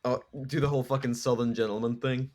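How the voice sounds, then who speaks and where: A man's voice: mid-range voice, fairly even intonation, fast, a little mellow. Teasing, swearing male podcast host. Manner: teasing, profane, laughs often. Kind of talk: casual chat.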